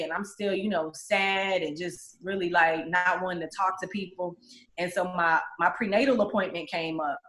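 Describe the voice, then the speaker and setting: A woman tells her own story candidly in an interview, acting out the voices of people she quotes. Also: lowish voice. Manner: candid, animated, acts out other people's voices. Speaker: guest telling her story. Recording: roomy echo.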